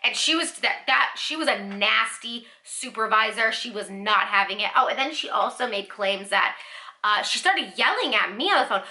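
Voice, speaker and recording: High, bright-voiced woman ranting animatedly. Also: normal speed. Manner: animated, indignant, lots of fillers like "like" and "you know". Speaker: beauty vlogger. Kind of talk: casual storytime rant.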